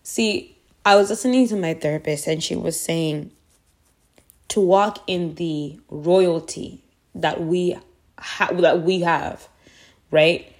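A woman's voice: lowish voice, takes it slowly. A woman hosting a devotional podcast, speaking earnestly and repeating phrases for emphasis. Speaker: faith podcast host.

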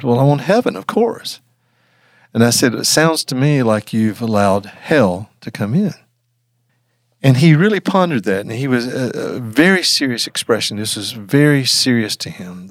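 Older man, guest storyteller, earnest and halting, dry close studio sound, mid pitch. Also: no echo. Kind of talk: storytelling in an interview.

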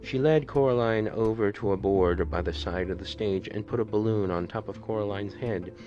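A man reading a storybook aloud as a podcast narrator, in a measured, steady way. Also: fairly low pitch. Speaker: podcast reader. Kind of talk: audiobook narration. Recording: dull lo-fi with faint music.

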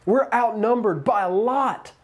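Guy doing a panicky young servant, voice way up high, urgent and pleading. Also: measured pace. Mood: panicked.

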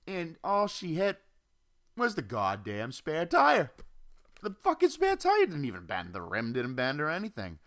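A man's voice: on the high side, wildly swooping pitch, measured pace, a bit bright. A young man hosting his own podcast from home, ranting casually, swearing constantly and jumping from topic to topic on a desk mic. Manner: profane, rambling, jumps off topic. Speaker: podcast host. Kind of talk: casual solo rant. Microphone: home computer or desk mic.

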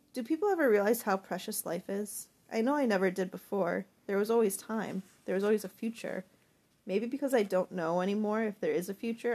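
A woman narrating a first-person, diary-style novel in a reflective, even manner. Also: mid-range voice, breathy edge. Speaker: audiobook narrator.

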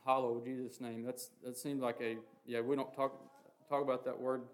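A man preaching an informal sermon in a flat, even voice at a middling pitch. He talks haltingly, leaning on fillers, earnest throughout. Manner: halting, heavy with "you know" and "um" fillers; earnest, reads scripture quotes aloud. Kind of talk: informal sermon on the Lord's Prayer.

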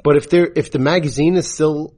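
A man's voice: on the high side, steady tone, brisk, darkish tone, breathy edge. A man co-hosting a podcast, explaining in casual chat how police disarm a suspect, and mocking himself. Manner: explains police gun handling, self-mocking. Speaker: podcast co-host. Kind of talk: casual movie commentary chat.

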